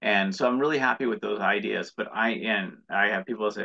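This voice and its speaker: Gravelly, bright-toned American man. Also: on the low side, fairly quick. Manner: rambling, earnest, with many restarts. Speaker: guest, entrepreneur. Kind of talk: casual interview talk. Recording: dull lo-fi audio.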